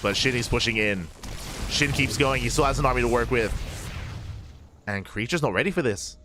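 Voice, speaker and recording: Excitable male esports caster. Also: medium pitch, background noise. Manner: quick, excitable calls that jump up at big plays. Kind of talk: live play-by-play commentary.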